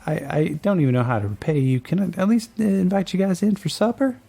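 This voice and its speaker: A man voicing an emotional older male rancher, folksy and gravelly. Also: high voice, brisk, dark tone, pitched above the performer's own voice, full character voice. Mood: eager. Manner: choked up, folksy, eager.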